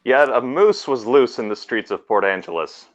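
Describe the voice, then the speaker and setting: A man's voice: medium pitch, expressive, normal speed, noisy background. A man co-hosting a casual podcast, reading aloud and dropping dry, wry asides. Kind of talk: casual joking group reading. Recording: dull lo-fi recording.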